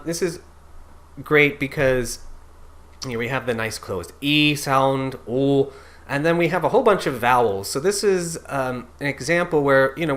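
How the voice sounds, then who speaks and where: A diction coach teaches German-style Latin pronunciation, speaking haltingly with lots of fillers. He slowly sings out example words in a medium-pitched, fairly bright voice.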